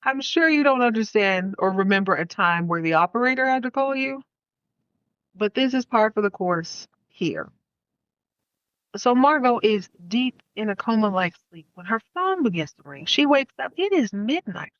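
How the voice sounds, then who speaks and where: A woman's voice: on the high side, expressive, moderate pace, fairly bright tone, no room sound, dull audio. A woman hosting a casual film review podcast, retelling the story in a playful, slangy way with plenty of asides. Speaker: podcast host.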